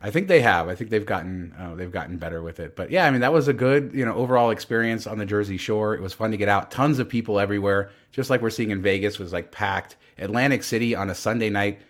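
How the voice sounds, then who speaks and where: A man co-hosting a podcast, chatting casually and telling animated stories. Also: fairly low pitch, quick pace, hardly any pauses. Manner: animated, storytelling. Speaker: podcast co-host. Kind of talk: casual chat.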